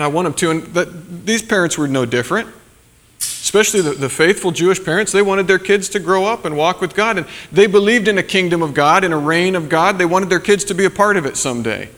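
Pastor, male, slightly high voice, casual sermon with fillers, long hall reverb. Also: brisk, a bit bright. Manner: conversational, many fillers and tag questions.

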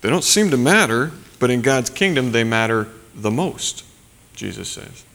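A man's voice: mid-range voice, lively intonation, normal speed, gravelly, a bit bright. A man preaching a sermon as a pastor, in a loose conversational way, with many fillers and asides such as "right?". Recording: long reverb of a large hall.

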